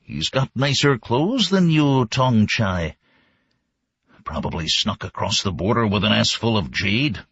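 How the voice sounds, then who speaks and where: Brief: a man playing menacing uniformed thugs, taunting, gravelly, dull lo-fi sound. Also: fairly low pitch, lively intonation, a little slow, fairly bright tone, no echo, heavily acted. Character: mocking gang of male uniformed enforcers.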